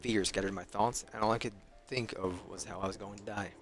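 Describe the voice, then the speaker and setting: A man's voice: fairly low pitch, fairly even intonation, a little fast, faint music behind. A male streamer reading a story game aloud in earnest, with small slips he corrects as he goes.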